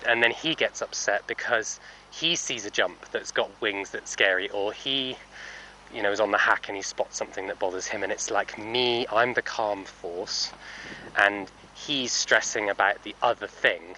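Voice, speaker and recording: A man talks through his horse training in a casual, rambling vlog, correcting himself often. His voice is bright and somewhat low. A faint noise sits in the background. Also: normal speed, rough recording. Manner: thoughtful, rambling, many fillers and self-corrections.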